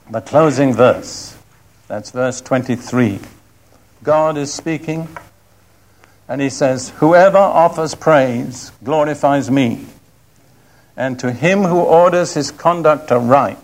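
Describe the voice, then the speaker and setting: An older man preaching a sermon, reading scripture in a slow, deliberate and emphatic way. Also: mid-range voice.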